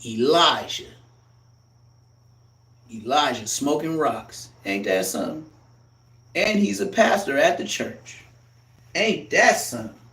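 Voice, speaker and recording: A man doing a loud, profane, heated comic rant as a live streamer, recorded in an echoey room. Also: fairly high pitch, sing-song, slow pace, long pauses, far from the mic.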